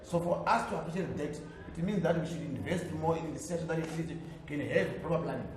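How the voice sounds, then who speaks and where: A man's voice: a little high, a little fast, very echoey, a crowd in the background, poor audio. A man with a Zimbabwean accent answering as a city councillor on a panel, assertive and listing his points by repeating them.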